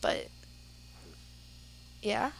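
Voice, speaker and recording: A woman's voice: extremely slow, no echo. A teenage girl hosting a podcast, telling a story casually with lots of "like" and "yeah". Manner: chatty, lots of fillers like "like" and "yeah". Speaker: podcast host.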